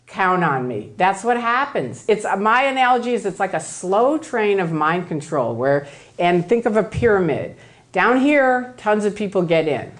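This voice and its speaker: A woman giving a lively storytelling talk to an audience in a room, acting out other people's voices as she goes. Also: mid-range voice, moderate pace. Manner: animated, acts out other people's voices in quotes. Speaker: lecturer.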